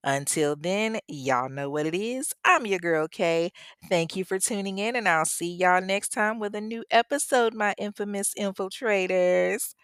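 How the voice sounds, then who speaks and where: A woman's voice: medium pitch, a little slow, smooth, no echo, clean studio sound. A young woman hosting her podcast, reading listener reviews in a chatty, slangy way with laughing asides. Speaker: podcast host.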